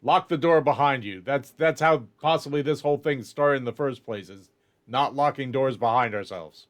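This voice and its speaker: A man's voice: medium pitch, moderate pace, lightly acted. A man voicing a stern, exasperated male prison officer who scolds and gives curt orders in a tabletop game.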